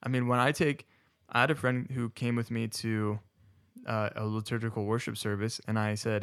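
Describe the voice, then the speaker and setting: A man's voice: mid-range voice, flat delivery, moderate pace, clean tone. Rambling, self-correcting man in chat. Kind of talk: casual podcast discussion.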